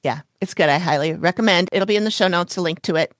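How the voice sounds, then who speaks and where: A woman's voice: fairly low pitch, fast talker. A woman co-hosting a podcast in casual chat, rambling and easygoing. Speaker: podcast co-host.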